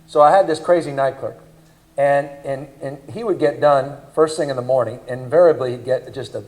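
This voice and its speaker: A man giving a public speech at a leadership forum, telling anecdotes in an animated, emphatic way. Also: medium pitch, low-quality recording. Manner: animated storyteller, emphatic and punchy. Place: conference forum.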